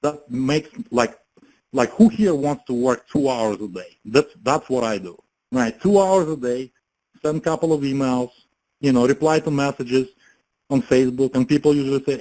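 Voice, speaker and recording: A man's voice: mid-range voice, normal speed, darkish tone, rough recording. A man, telling his story in a casual motivational talk, chatty, laughing often and full of fillers and restarts. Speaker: network marketing speaker.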